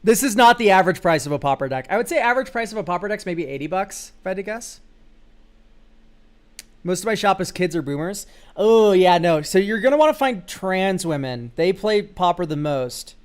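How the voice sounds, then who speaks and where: Speaking briskly in a high, expressive voice, a young man riffs jokingly through card game deck reviews on a live stream. Occasional swearing and goofy outbursts pepper the casual chat.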